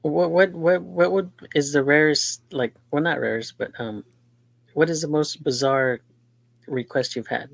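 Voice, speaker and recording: Gravelly, hesitant male co-host. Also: on the high side, no echo. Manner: hesitant, halting questions. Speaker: podcast co-host. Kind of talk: casual interview chat.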